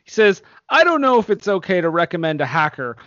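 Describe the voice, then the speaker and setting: A man's voice: high-pitched, very animated, fairly quick, a bit bright, no room sound, highs cut off. Laughing man reading reviews. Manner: laughs often, reads reviews aloud. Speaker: podcast host. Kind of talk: casual movie podcast chat.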